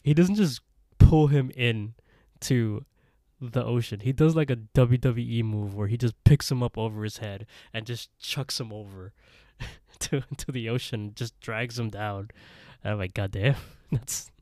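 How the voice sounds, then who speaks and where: A man's voice: mid-range voice, unhurried, few pauses, warm tone, no room sound, clean studio sound. A man co-hosting a podcast, recapping an episode in a rambling, casual way and acting out the characters' lines with laughs. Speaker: podcast co-host.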